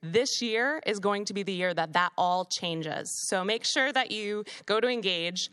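A woman's voice: mid-range voice, a little slow, a bit bright, smooth. Upbeat woman deacon giving announcements. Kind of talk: church announcements. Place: church sanctuary.

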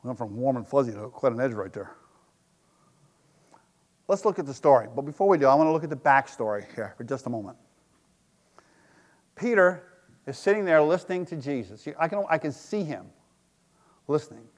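A man preaching a sermon as a pastor, telling a story emphatically and dropping to a hush for effect. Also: medium pitch, lively intonation, moderate pace, long pauses. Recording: long hall reverb.

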